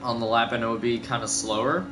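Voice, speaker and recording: A man's voice: medium pitch, steady tone, fast talker, background noise. A young man talking casually over a replay of his own race, rambling and correcting himself, sleepy and yawning. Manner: rambling, filler-heavy, self-correcting. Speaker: gaming video commentator. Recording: gameplay music behind.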